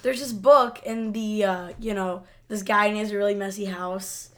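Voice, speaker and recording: A woman co-hosting a podcast with an easygoing, friendly manner. She sits at a middle pitch, laughs along, and moves the talk forward. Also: fairly even intonation, normal speed. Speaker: podcast co-host. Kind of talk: casual chat about a TV episode.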